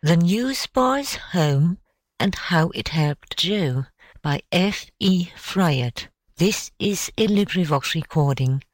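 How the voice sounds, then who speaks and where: A woman narrating an audiobook story in a measured, steady reading voice. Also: fairly low pitch, dry recording. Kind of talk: scripted narration.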